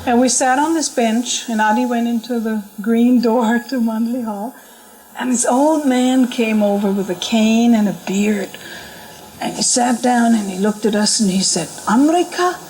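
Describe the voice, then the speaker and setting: Middle-aged woman, slightly high voice, animated storyteller who laughs a lot and quotes others. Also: a little slow, a little hiss or hum, poor audio. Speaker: storyteller recalling a spiritual journey. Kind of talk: casual spoken memoir. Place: talk at a spiritual center.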